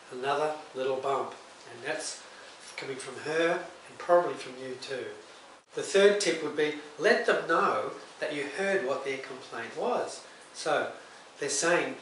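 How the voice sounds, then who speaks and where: A man's voice: medium pitch, fairly bright tone. A middle-aged man, a counsellor and psychotherapist, talks plainly and conversationally in a direct-to-camera advice talk and acts out short example dialogues. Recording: roomy echo, mic at a distance, faint hiss.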